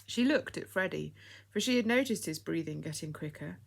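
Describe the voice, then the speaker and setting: A woman reading a children's story aloud as narrator, in a steady storytelling manner. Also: low voice, moderate pace, gravelly.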